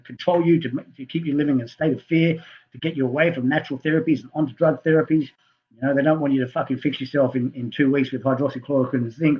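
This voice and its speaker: A man's voice: fairly high pitch, dull audio. A middle-aged man, a health coach, ranting in a profane, heated and rambling monologue to his viewers.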